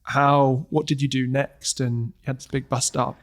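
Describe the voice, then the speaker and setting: A man's voice: mid-range voice, steady tone, moderate pace. A man hosting a podcast interview, asking probing, conversational questions. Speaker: podcast host.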